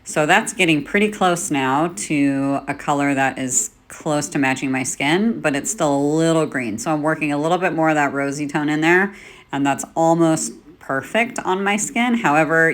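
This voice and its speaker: A woman in her forties, a makeup artist, giving a relaxed step-by-step tutorial while she works, with the odd "um". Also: low voice, normal speed. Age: 40s. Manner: relaxed, talks while working, with "um" fillers. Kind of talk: casual tutorial demonstration.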